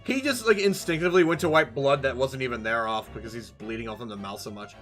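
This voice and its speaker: A man's voice: medium pitch, fast, hardly any pauses, fairly bright tone, faint music behind. A man giving casual, joking commentary while playing a game, sometimes swearing. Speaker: let's play streamer.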